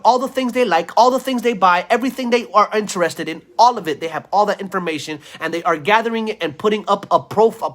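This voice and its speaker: Speaking in a high, fairly bright voice, a man delivers a furious political rant straight to camera. This commentator's vlog monologue is full of scorn, and he insults the people listening.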